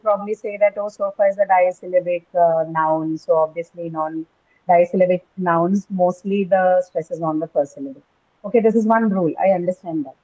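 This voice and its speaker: A woman with a warm, mid-range voice runs a pronunciation class in English, habitually checking with "right?" and testing her students. The recording sounds dull and lo-fi.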